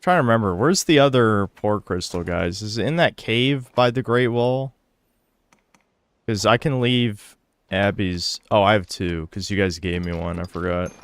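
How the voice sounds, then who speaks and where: A man's voice: on the low side, moderate pace, clean tone, dry recording. Grumbling, foul-mouthed man streaming a game. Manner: grumbling and swearing, chatting to viewers. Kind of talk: casual live-stream commentary.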